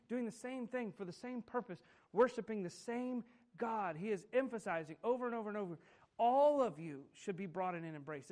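A man's voice: high-pitched, a little mellow. A man preaching a sermon, emphatic and repetitive, asking rhetorical questions of his listeners. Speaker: pastor.

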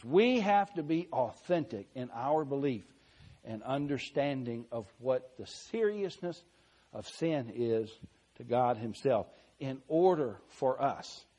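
A man preaching a sermon, reading scripture slowly and deliberately, swelling louder on key phrases and dropping soft. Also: medium pitch.

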